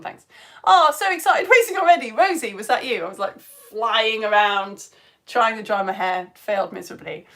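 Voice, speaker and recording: In a live online science class, a British woman whose medium-pitched voice is a bit bright greets kids by name and reads their comments aloud. Her manner is chatty and gushing, with asides that poke fun at herself.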